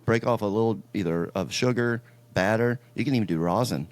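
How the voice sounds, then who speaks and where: A man hosting a casual chat podcast, his voice sitting on the low side. He talks in a relaxed, storytelling way and drops the odd curse. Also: fairly quick, dry recording. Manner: laid-back storytelling, swears casually. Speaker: podcast host.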